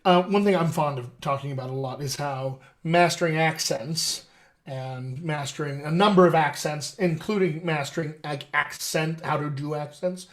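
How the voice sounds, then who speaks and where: A man's voice: a little high, normal speed. Chatty man hosting as a dialect coach. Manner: chatty, upbeat, folksy asides. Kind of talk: casual live-stream chat.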